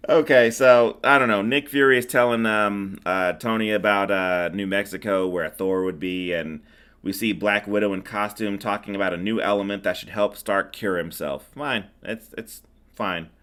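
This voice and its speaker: Middle-aged male podcast host, low-pitched and bright, rambling sarcastic recaps. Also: steady tone, moderate pace, smooth. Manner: rambling, sarcastic, many fillers. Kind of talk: casual movie recap chat.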